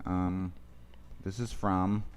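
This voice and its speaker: A man's voice: low voice, flat delivery, drawn-out words, darkish tone, slight background noise. A man co-hosting a live stream, reading viewer messages aloud in a dry, casual way. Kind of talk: casual livestream chat.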